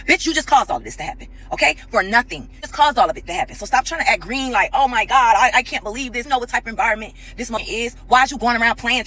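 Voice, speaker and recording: A woman with a fairly high voice and a forceful, tense edge tears into someone in a heated rant to the camera. She is profane and confrontational. She makes her points again and again. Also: rough recording. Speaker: reality TV personality. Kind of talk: angry direct-to-camera rant.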